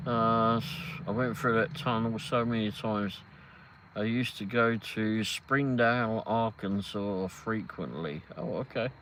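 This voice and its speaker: English bloke in his fifties rambling on a livestream, lowish voice, bit of faint hiss. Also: slow. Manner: rambling, reads chat aloud, laughs often. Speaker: livestream host. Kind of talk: casual live-stream chat.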